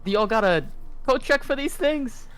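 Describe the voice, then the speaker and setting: A man's voice: very high voice, animated, normal speed, fairly bright tone, clear, resonant tone. A man voicing Silas, a polite, bewildered young man who speaks with a casual drawl. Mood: politely startled.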